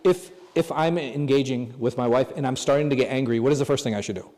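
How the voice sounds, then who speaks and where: A man gives a relaxed religious lesson in a large mosque hall. His tone is mellow and warm. He keeps asking his listeners questions, and the reverb trails on after each phrase. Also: medium pitch, fast talker. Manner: asks the audience rhetorical questions. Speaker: imam teaching a class.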